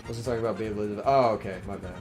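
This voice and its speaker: With music playing in the background, a young man talks quickly in a fairly low voice while hosting a livestream and reading viewers' comments. His accent is a Maryland, Southern and New York-New Jersey mix, his casual chat rambles with restarts and fillers, and his voice is starting to strain.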